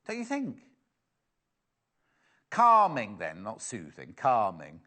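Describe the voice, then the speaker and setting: A man's voice: mid-range voice, wildly swooping pitch, takes it slowly, sharp tone. A middle-aged man presenting live sales on TV, chatty and teasing as he banters with his crew. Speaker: shopping channel presenter.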